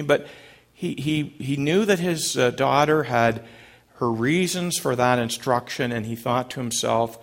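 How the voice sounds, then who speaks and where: A middle-aged man, a pastor, preaching a sermon and telling a story in a gentle, halting way. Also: mid-range voice.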